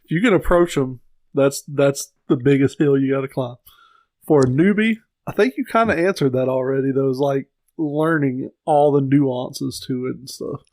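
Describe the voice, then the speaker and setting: A man's voice: medium pitch, normal speed, darkish tone, no echo. A man co-hosting a casual podcast, easygoing and posing playful hypothetical questions. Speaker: podcast co-host. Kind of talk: casual chat.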